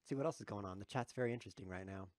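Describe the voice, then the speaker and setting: Joking low-voiced male chess streamer. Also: a little mellow, no room sound. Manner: jokey, chuckling, reading chat aloud. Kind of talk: live chess commentary.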